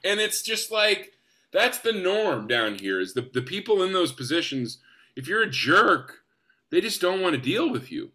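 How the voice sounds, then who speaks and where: Young guy excitedly telling showbiz stories, bright voice, sits kinda high. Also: moderate pace. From United States. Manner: enthusiastic, animated. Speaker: actor guest. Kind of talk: casual storytelling.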